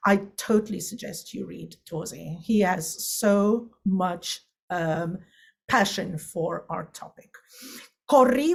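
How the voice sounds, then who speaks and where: A woman's voice: mid-range voice, gravelly, a little mellow. Chatty woman lecturing on singing. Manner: chatty and digressive, with frequent fillers and restarts. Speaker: voice teacher. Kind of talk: online music lecture.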